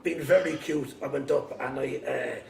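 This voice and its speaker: A man's voice: medium pitch, steady tone, moderate pace, creaky, echoey room, distant mic, slight background noise. A man with an Irish accent hosting a casual chat, telling funny stories with swearing and laughter. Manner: anecdotal, swearing, laughing storyteller. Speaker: host.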